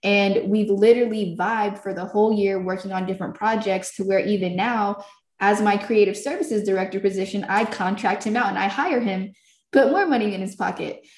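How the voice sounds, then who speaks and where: A woman's voice: medium pitch, brisk, a little mellow. Casual, profane woman storyteller in a roomy space. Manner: loose, profane, laughing as she tells it. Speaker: filmmaker and podcast creator. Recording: roomy echo.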